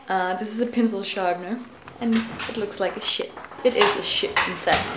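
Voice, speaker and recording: A teenage woman with as her rambles through a casual home vlog in her bedroom. She giggles and corrects herself as she goes. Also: mid-range voice. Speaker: vlogger. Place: her own bedroom, indoors.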